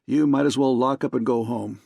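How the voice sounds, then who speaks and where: A man's voice: medium pitch, steady tone, moderate pace, vocal fry, darkish tone, no room sound. A man reading an audiobook, voicing a surly, stubborn hard-boiled private detective who speaks curtly.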